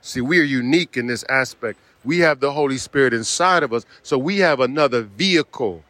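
A man's voice: medium pitch, brisk, a bit bright, no room sound. A man preaching a sermon, speaking emphatically, repeating key phrases and dropping in a frequent "see".

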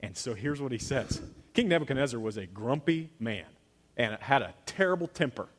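A man preaching a sermon as a pastor, telling a scripture story with lively acted-out lines. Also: medium pitch, moderate pace, in a large hall. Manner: animated storytelling, acting out characters' lines.

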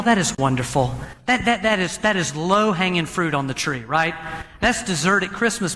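A man preaching a sermon as pastor, animated, slowing down for emphasis. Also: high voice, slight background noise. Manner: animated preaching, slows for emphasis, acts out voices. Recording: long reverb of a hall.

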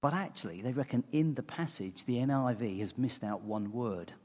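A man preaching a sermon in earnest tones, moving between loud emphasis and soft, tender asides. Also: medium pitch, moderate pace. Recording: long hall reverb.

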